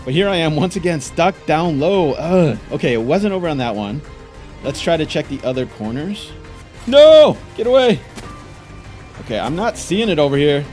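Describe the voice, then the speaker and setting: A young man narrates his gameplay in a frantic, exclaiming way, his voice swinging widely and sitting a little high for a man. Soft game music plays behind him. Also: animated, brisk. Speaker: gaming YouTuber. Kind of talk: gameplay commentary.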